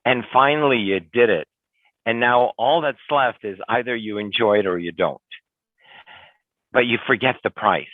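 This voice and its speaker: A man's voice: medium pitch, moderate pace, pauses often, no echo. An older man giving an earnest webinar talk as a real estate sales coach, lecturing and often acting out what clients and agents say. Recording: tinny phone-like dry webinar audio.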